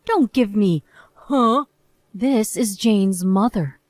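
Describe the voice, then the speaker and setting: A woman's voice: medium pitch, slow, a little mellow, dry recording, lightly acted. A woman voicing a stern, protective middle-aged mother confronting her son-in-law.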